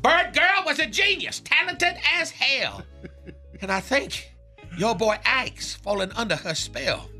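Man doing a high, bouncy, bragging jive character for a comedy radio bit. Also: very animated, measured pace, sharp tone, full character voice. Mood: boastful. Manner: made-up long words, crude boasting, laughing through lines. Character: jive-talking male radio character, boastful and crude. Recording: music under the voice.

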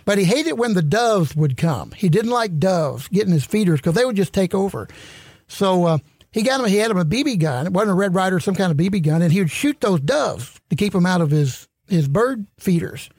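High-voiced folksy man spinning a yarn. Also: lively intonation, brisk, darkish tone, breathy edge, no echo. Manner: folksy, chuckling anecdotes. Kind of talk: casual storytelling.

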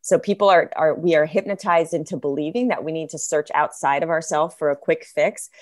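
A woman's voice: sits low, a little fast, no echo, clean studio sound. A woman guest, a filmmaker, earnestly explaining her ideas in a casual interview.

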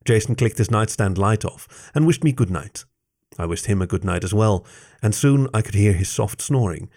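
A man narrating a first-person story aloud in a measured, soft-spoken reading. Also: fairly low pitch, expressive. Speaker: story reader.

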